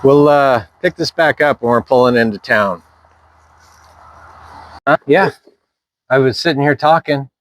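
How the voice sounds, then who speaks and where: A man of ordinary pitch talks slowly and loosely, narrating a casual vlog. His relaxed, unhurried musing comes through a small clip-on microphone. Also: low-quality recording. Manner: slow, relaxed, unscripted musing. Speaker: vlogger. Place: in a vehicle and outdoors with machinery.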